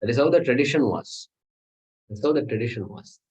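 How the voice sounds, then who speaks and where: A man's medium-pitched voice, darkish and husky, comes across with lively intonation at a slightly fast clip on a low-quality recording. He's lecturing a classroom scripture class, explaining in steps, often asking "okay?" and throwing out rhetorical questions.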